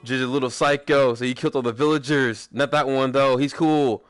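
A man's voice: mid-range voice, steady tone, a little fast, soft background music. A young man chatting casually while playing a game with friends, joking, swearing and humming little tunes. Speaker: gaming streamer. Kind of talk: casual gameplay chat with friends.

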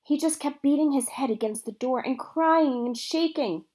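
A woman teacher reading a children's novel aloud to her students with expressive storytelling. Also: high-pitched, normal speed.

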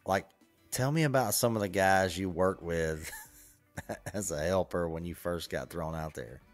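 A man's voice: low-pitched, measured pace, soft background music. A man co-hosting a podcast, casually prompting his guest for stories and joining in with short remarks. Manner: prompting, laughing along, with short interjections. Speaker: podcast co-host. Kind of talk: casual interview chat.

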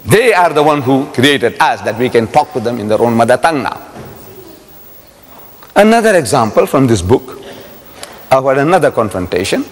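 A man's voice: mid-range voice, very animated, moderate pace, pauses often. An older man from South Africa giving a public religious lecture, telling stories animatedly, acting out dialogue and repeating lines for emphasis. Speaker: Islamic lecturer. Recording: reverberant lecture hall recording.

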